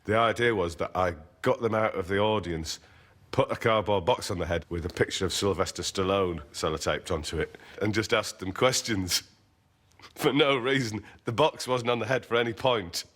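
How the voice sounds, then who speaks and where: A man's voice: fairly low pitch, normal speed, a bit bright. A man, a comedian telling dry, rambling anecdotes in a casual interview and chuckling at his own stories. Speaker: comedian guest.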